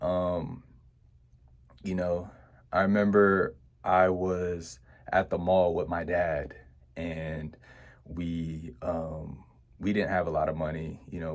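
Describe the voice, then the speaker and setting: Telling his viewers about his childhood, this deep-voiced young vlogger sounds reflective, his speech peppered with "you know" and restarts.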